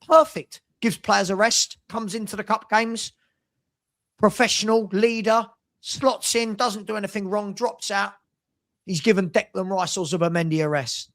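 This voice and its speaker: A man's voice: high-pitched, fairly even intonation, moderate pace, a bit bright. A man hosting a casual football fan chat, ranting in an exasperated way. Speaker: host.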